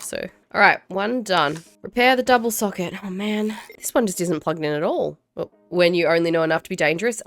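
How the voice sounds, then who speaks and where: A woman's voice: lowish voice, fairly bright tone. A woman with an Australian accent giving casual gameplay commentary, chatty and self-deprecating, talking to herself as she plays. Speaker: gaming YouTuber.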